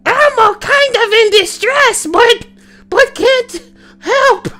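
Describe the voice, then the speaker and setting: A man voicing a childlike puppet girl in distress who talks in slow, broken baby-talk. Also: extremely high pitch, pushed and bright, soft background music, voice pushed up, heavily acted. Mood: helpless.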